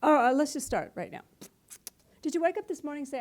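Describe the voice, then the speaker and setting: Playful, mellow-voiced woman teaching spirit. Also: high voice, expressive, quick pace. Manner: playful and conversational, laughs often. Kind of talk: spiritual talk to a live audience.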